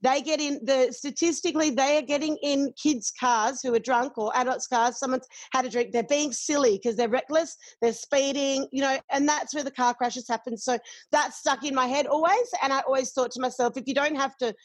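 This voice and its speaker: A high-pitched woman chats openly and laughs easily. She swears without a second thought. The sound is dry and close. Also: fairly even intonation, fairly quick, no echo. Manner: candid, swears freely, laughs often. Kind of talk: casual chat.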